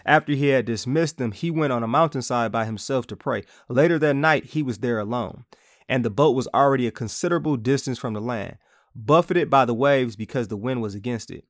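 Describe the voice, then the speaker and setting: A man speaking briskly at a middle pitch gives an informal Bible teaching for his podcast. He's relaxed, chatty, and conversational, playfully acting out quotes, and the recording is dry with no room echo.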